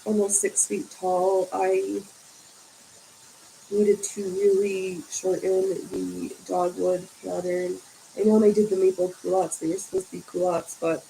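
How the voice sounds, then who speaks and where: Sleepy woman host, slow rambling livestream chat, gravelly low-key voice, mellow tone, faint hiss. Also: rough recording. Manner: rambling and chatty, coos at her cats. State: tired and yawning. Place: home.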